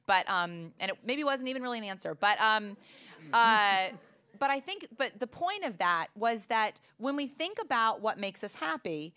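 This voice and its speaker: A woman's voice: mid-range voice, pushed and bright. A middle-aged woman, a psychology professor, telling a story in a Q&A with many fillers and restarts. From United States. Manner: chatty, many fillers and restarts, laughs often. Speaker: psychology professor giving a talk. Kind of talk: storytelling answer in a Q&A.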